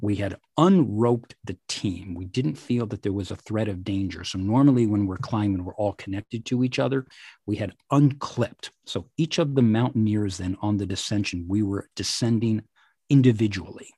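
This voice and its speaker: A man in an interview telling a personal story vividly, at times dropping to hushed asides. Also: on the low side, normal speed, slightly rough, no room sound. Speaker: interview guest, teaches classes.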